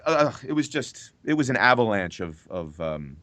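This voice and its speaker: A male voice actor as a podcast guest, telling animated stories and swearing freely. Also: medium pitch, normal speed, dry recording. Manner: animated storyteller, swears freely, acts out his own reactions. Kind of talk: casual podcast interview.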